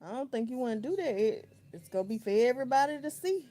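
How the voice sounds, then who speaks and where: Chatty country-sounding woman, mellow voice. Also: sits high, expressive, quick pace. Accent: Southern US. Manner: drawling, chatty, reacts to comments aloud. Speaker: livestream host. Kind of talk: casual chat reading live comments.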